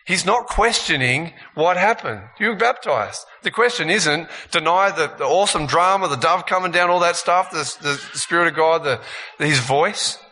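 A man preaching a sermon, lively and animated, acting out voices as he makes his points. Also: fairly high pitch, moderate pace, long reverb tail. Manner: animated, acts out voices of tempter and accuser.

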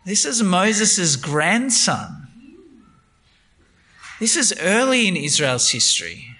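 A man preaching a sermon on a Bible passage, retelling it in a lively, conversational way. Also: high voice, takes it slowly.

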